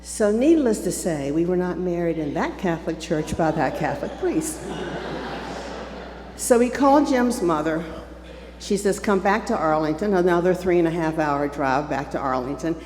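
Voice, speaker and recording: Older woman with a low voice telling a story from the pulpit, recorded with long church reverb and faint hum. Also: normal speed, crowd noise. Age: 70s. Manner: lively, acting out the voices in her story. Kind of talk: personal storytelling to a congregation. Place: church sanctuary.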